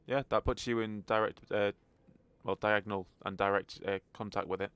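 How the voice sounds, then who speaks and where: A man's voice: fairly low pitch, steady tone, a little fast, a bit bright, smooth, no room sound. A man narrating a tabletop game as game master, in a wry, joking manner.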